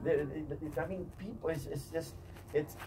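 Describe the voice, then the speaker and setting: A man's voice: on the high side, steady tone, moderate pace, mellow. Man, preaching from a distance. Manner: emphatic, repetitive, questions the audience. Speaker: motivational speaker. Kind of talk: faith-based motivational talk. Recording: distant mic in a noisy room.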